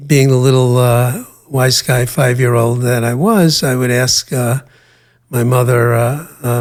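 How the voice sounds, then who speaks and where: An older man speaks as an interview guest, recalling his past in a measured, reflective way. His pitch sits at a middling level for a man. He often stops to hesitate with fillers before he goes on. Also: steady tone. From United States.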